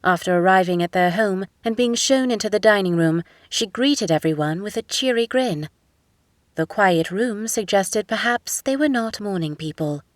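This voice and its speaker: A woman narrating a romance audiobook in a measured, even storytelling manner. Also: medium pitch, no echo, studio quality. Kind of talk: scripted narration.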